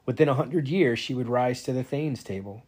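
A man reads a novel aloud with steady, even first-person narration. His voice is husky and sits at a mid pitch. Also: normal speed. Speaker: reader.

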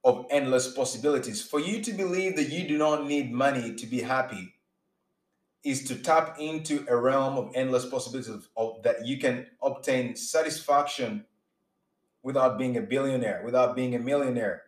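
Man giving a casual sermon, earnest and emphatic, stumbles and restarts a lot, mid-pitched voice, roomy echo. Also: normal speed. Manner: earnest, emphatic, with frequent restarts and acted-out examples. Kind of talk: informal preaching monologue.

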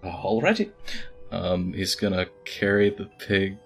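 Low slow-talking man playing a game. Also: vocal fry, husky, faint music behind. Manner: hesitant, laughing asides. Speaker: player. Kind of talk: casual tabletop play.

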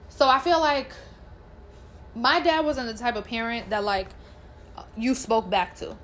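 A young woman with a fairly high voice tells her own story bluntly in relaxed, profane chat. She acts out other people's words as she goes. A faint hiss sits under the recording. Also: unhurried. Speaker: guest telling her story. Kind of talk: casual chat.

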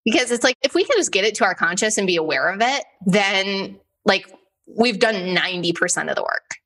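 A woman hosting a podcast in casual chat, telling personal stories with lots of "like" and an animated delivery. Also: mid-range voice, brisk. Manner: chatty, heavy use of "like", animated storytelling. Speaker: podcast host.

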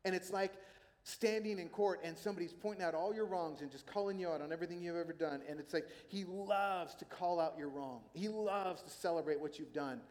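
A man preaching a sermon as a pastor, in a conversational, animated storytelling manner. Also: sits high, a little fast. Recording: long hall reverb.

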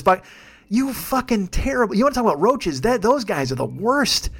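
A man's voice: extremely high pitch, expressive, fairly quick, slightly rough. A man in his fifties hosting a podcast, ranting alone with heavy swearing. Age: 50s. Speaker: podcast host. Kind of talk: solo ranting monologue.

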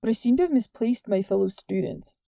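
An earnest, wordy teenage boy speaking softly and sincerely, read by a woman. The tone is very dark and mellow, with no hint of brightness. It sounds close and dry, like a storybook reading. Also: fairly high pitch, animated, brisk, creaky, no room sound. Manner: soft, plain and sincere.

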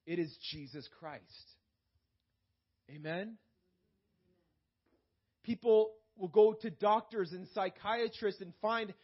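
A Canadian pastor with a high voice preaches a sermon, calling out to the congregation now and then and slowing down when he reads scripture aloud. The recording is dull and muffled, like a lo-fi church recording.

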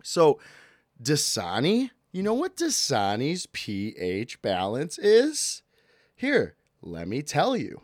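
Man, podcast host, ranting, jokey, lively swinging pitch, dry close sound. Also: no room sound. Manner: animated, ranting, jokey, quick to yell out bits. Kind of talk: casual solo podcast rant.

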